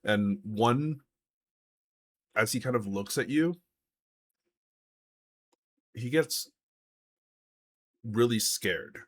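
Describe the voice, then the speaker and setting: A man's voice: mid-range voice, drawn-out words, long pauses, fairly bright tone. A man narrating a live tabletop game as game master, in a loose, hesitant way with many fillers. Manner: loose, hesitant narration full of likes and uhs.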